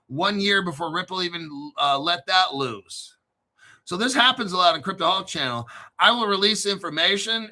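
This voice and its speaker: A man hosting a crypto channel, delivering a profane, combative rant and often clearing his throat. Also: on the high side, bright, forceful tone. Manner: profane, combative, boastful ranting. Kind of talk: ranting solo commentary.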